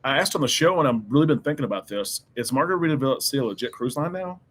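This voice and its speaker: A man's voice: mid-range voice, lively intonation, very fast, a bit bright. Chatty man co-hosting a cruise talk show. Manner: chatty, enthusiastic, restarts often. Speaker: co-host and cruise travel agent. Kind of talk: casual live-stream chat.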